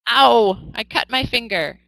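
A woman's voice: a little high, expressive, a little slow, gravelly, pushed and bright, dry recording, low-quality recording. An American woman teaching English in a live online class, upbeat and coaxing, often asking her students questions.

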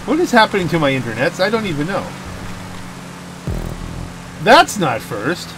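A man's voice: high voice, wildly swooping pitch, moderate pace, over music. A man giving casual, jokey let's-play commentary while racing, chatting to himself on a home microphone with audible clicks. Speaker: gaming channel host. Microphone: home gaming microphone with audible clicks. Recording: noisy, with car and game sounds behind.

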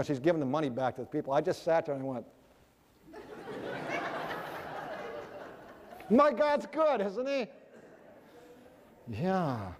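A middle-aged man preaching a sermon, telling stories with animated, emphatic exclamations. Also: sits high. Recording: long hall reverb.

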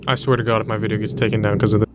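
A man's voice: lowish voice, level tone, racing, noisy background. A young man commenting on a horror game as he plays, joking, swearing and laughing often. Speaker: gaming YouTuber. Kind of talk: let's-play commentary.

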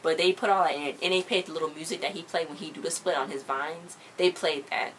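A woman with a low voice runs through a TV episode in a casual, chatty recap. She fills her sentences with "like" and acts out the scenes as she goes. A faint background hum sits under her voice. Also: fast talker, poor audio. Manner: chatty, full of "like" fillers; animated retelling of scenes. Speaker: show recap host.

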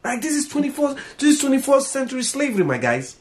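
A man's voice: very high-pitched, big pitch swings, fast talker, a crowd in the background. A man from Africa, the host's partner, jokingly complaining straight to the listeners. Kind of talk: casual chat.

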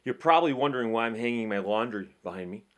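A middle-aged man hosting a casual legal talk show, telling an animated story with frequent repeats and restarts. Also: mid-range voice, fast talker. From Michigan, USA. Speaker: legal commentary host.

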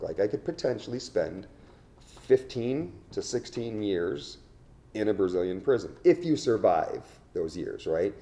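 Gravelly low-voiced man telling his story. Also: lively intonation, mellow. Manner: halting, restarts often. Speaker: interview guest. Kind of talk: candid storytelling.

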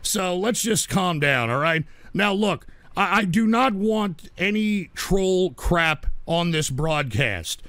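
A man hosting a live call-in stream, reading viewer messages aloud and scolding trolls in an exasperated way, often breaking into shouts. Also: high-pitched, animated, takes it slowly, hardly any pauses, no room sound. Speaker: livestream radio host.

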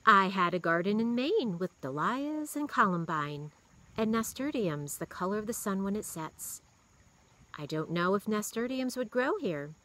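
A woman's voice: medium pitch, expressive, a little slow, bright, forceful tone, voice pushed up, poor audio. A woman voicing a wistful newcomer woman. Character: wistful grown woman, new to the prairie. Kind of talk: storybook read-aloud.

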